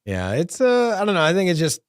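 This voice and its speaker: A man's voice: sits high, huge pitch swings, brisk, clear, resonant tone, dry recording. A man hosting a casual podcast from a studio, rambling and repeating words as he gets worked up. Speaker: podcast host.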